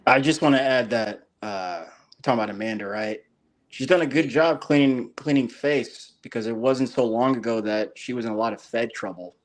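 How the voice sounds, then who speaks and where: A man on a casual talk panel, adding his view in a measured way. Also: mid-range voice. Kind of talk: casual chat.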